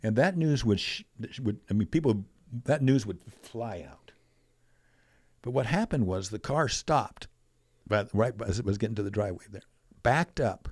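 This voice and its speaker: An older man telling stories as a podcast guest, animated, acting out quoted voices. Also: on the low side, breathy edge, dry recording, clean studio sound. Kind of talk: storytelling in a conversational interview.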